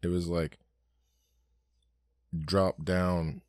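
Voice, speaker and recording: A man's voice: sits low, level tone, drawn-out words, a little mellow, no echo, studio quality. A young man co-hosting a podcast, chatting casually, swearing freely and telling stories with acted-out quotes. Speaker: podcast co-host. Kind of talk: casual chat.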